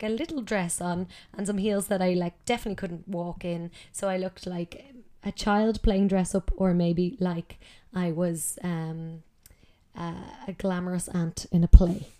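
A woman's voice: lowish voice, dark tone. A woman telling a personal story in a conversational way, with frequent ums and self-corrections.

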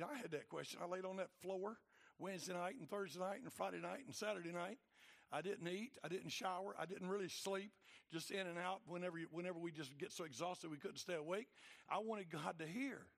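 A man preaching a sermon, swinging between loud, fired-up passages and low, quiet asides. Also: normal speed, gravelly. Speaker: pastor.

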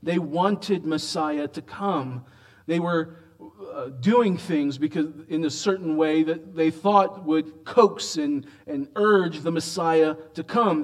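Preacher, male, fairly high-pitched, emphatic, big swings from loud to hushed. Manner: emphatic, swings between loud raised lines and quiet low asides; drawn-out slow emphasis on quoted lines. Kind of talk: expository sermon.

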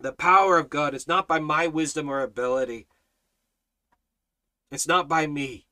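Leading a Bible study, an earnest street evangelist and teacher blends scripture with personal testimony. His slightly high voice is bright and forceful, moving at a moderate pace with long pauses, and he stammers into repeated words when emotion builds.

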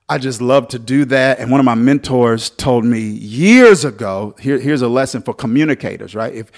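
A man preaching a sermon as pastor, swinging between loud, lively exhortation and softer storytelling. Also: medium pitch.

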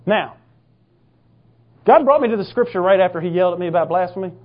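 A man preaching a fervent, emphatic sermon, now and then bursting into shouts. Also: sits high, expressive, quick pace, dull audio. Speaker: pastor.

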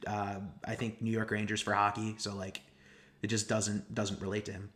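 A man's voice: lowish voice, monotone, moderate pace, a bit bright. A young man from Pennsylvania co-hosting a casual podcast chat, rambling with many restarts. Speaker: podcast co-host.

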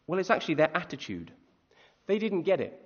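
A male preacher delivers a brisk, conversational sermon, chatty and animated, repeatedly asking his listeners questions. His slightly high voice has a faint husky edge and lively rises and falls. The audio is dull and lo-fi, with a long church-hall echo.

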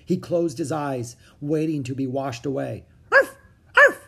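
A reader narrating a children's book in a steady storytelling manner. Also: mid-range voice, unhurried, creaky, husky. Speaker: audiobook reader.

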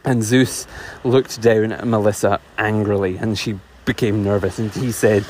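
A man telling a myth in a relaxed, chatty way, full of ums and asides. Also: lowish voice, moderate pace, a little hiss or hum. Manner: chatty, digressive, laughs often, many fillers. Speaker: storyteller. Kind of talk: casual oral storytelling.

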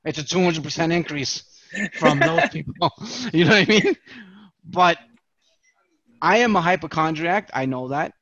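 A man co-hosting a podcast, rambling in an animated, self-mocking way in casual chat. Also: on the high side, normal speed, pauses often, no room sound, highs cut off. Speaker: podcast co-host.

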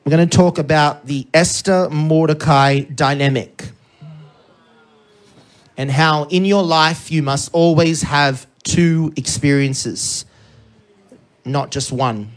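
An energetic preacher delivering a sermon who keeps checking in with the congregation. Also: medium pitch. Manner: energetic, checks in with frequent "okay?".

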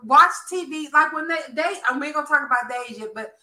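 A woman from the South, chatting casually and bluntly, full of profanity and animated emphasis. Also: high voice, fast talker. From American South. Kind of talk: casual chat recapping a soap opera.

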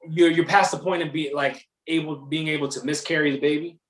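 Young man, slangy storyteller, a bit high voice, echoey room. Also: brisk. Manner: animated, slangy, swears freely. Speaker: guest telling a story. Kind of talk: casual storytelling chat.

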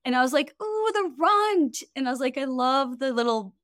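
A woman, a wellness coach, telling a story in casual podcast chat, animated and full of fillers. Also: high voice, fast talker, no room sound, clean studio sound. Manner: animated, lots of fillers and quoted voices.

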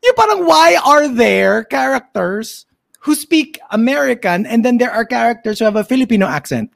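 Gravelly-voiced woman, animated chat. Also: a little high, normal speed, no room sound, studio quality. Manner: animated storyteller, acts out quoted voices. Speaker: podcast co-host. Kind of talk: casual chat mixing English and Tagalog.

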